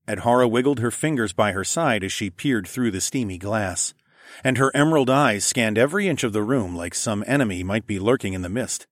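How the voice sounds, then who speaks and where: A man narrating a first-person audiobook in an even, storytelling manner. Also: lowish voice, brisk, no room sound. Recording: dry close studio recording.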